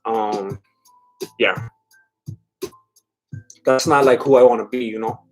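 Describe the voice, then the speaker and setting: A man's voice: mid-range voice, slow pace, faint music behind. A man streaming live, reading chat and rambling casually with lots of fillers and laughs. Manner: rambling, filler-heavy, self-deprecating laughs.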